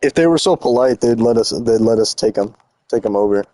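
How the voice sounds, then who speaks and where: A man's voice: medium pitch, lively intonation, fairly quick, dark tone, no room sound. A young man streaming a game, chatting casually and teasing his chat in slangy, rambling talk while he builds.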